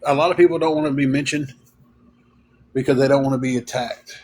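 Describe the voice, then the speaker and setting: A man with a drawl hosts a casual livestream, rambling through stories. He leans on fillers and chuckles as he goes. His voice sits at an ordinary middle pitch. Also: fairly even intonation, fairly quick, darkish tone, slight background noise, low-quality recording. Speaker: livestream host. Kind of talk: casual storytelling to viewers.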